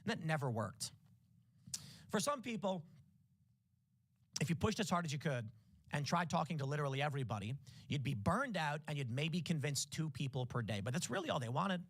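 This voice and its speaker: Animated storytelling man, slightly high voice. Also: a little fast, long pauses, no echo, studio quality. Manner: animated storyteller who acts out the dialogue in changing voices. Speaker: trading stream host. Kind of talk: casual storytelling on a live stream.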